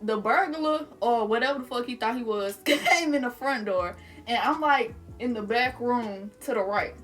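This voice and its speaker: A young adult woman casually telling a story to her viewers, animated and swearing, calling them y'all. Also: fairly high pitch, normal speed, soft background music.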